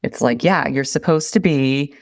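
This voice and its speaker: A woman's voice: extremely low pitch, normal speed, a little mellow, dry recording. A woman hosting a podcast, talking in an emphatic, impassioned way and swearing freely. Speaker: podcast host. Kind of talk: casual podcast conversation.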